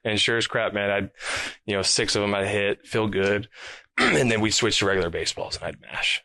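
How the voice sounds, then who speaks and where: A man's voice: fairly low pitch, moderate pace, gravelly, no echo. Casual ballplayer recalling his youth. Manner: casual, animated, filler-heavy. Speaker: professional baseball player. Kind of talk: casual interview storytelling.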